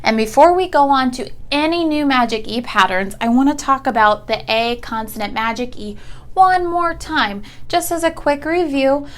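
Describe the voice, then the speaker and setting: A young woman teaching a phonics lesson to children over video, speaking patiently and enunciating each sound clearly. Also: high-pitched, moderate pace.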